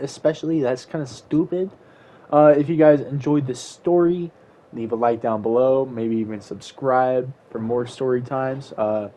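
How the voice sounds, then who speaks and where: A man's voice: mid-range voice, dark tone. A young man casually telling a story time while gaming, rambling with lots of "like"s. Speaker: YouTuber.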